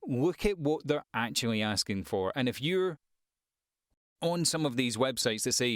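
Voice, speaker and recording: A man's voice: medium pitch, expressive, normal speed, dry recording. Frank male voice-over coach, dry sound. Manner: frank, conversational, wry asides. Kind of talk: advice vlog to the camera.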